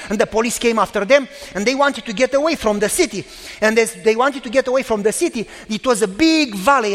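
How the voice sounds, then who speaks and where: A middle-aged man preaching a sermon, telling stories emphatically with dramatic pauses and repetition. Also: sits high, fairly bright tone. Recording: long reverb of a large hall.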